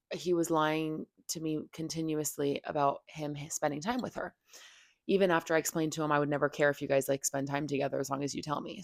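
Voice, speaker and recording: Low, gravelly woman venting candidly. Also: dry recording, clean studio sound. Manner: heavy "like" fillers, profane, venting. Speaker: podcast host. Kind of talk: candid personal storytelling.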